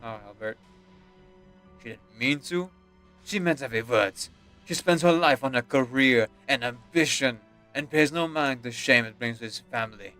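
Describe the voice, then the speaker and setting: A man's voice: medium pitch, normal speed, bright, forceful tone, soft background music, lightly acted. A man reading game dialogue aloud, voicing a haughty, contemptuous nobleman father with a stern, scornful delivery. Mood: indignant.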